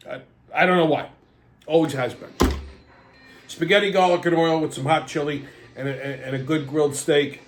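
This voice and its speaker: A middle-aged man, hosting a casual, profane, rambling monologue. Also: medium pitch. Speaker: host.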